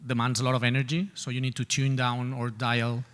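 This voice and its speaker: A man in the audience asking questions politely, in halting phrasing. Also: mid-range voice, flat delivery. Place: event hall. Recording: hall reverb with faint room noise.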